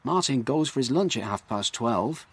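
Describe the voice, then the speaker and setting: A man's voice: medium pitch, lively intonation, moderate pace, a bit bright, breathy edge, no echo. A man voicing an eager, restless seventeen-year-old lad.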